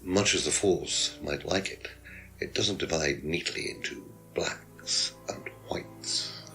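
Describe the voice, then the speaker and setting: A man's voice: a bass voice, slow pace, sharp tone, faint music behind, exaggerated voice. An actor playing a condescending, evasive male teacher under suspicion, speaking in a video game. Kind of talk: full-motion video game acting.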